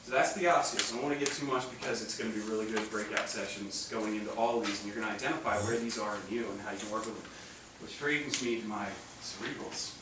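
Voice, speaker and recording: A man giving an animated, joking seminar talk to a live audience. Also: lowish voice, fast. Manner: animated, joking, acts out voices with laughs. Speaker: chiropractic seminar speaker. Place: large room with live audience. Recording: distant mic, echoey room, noisy.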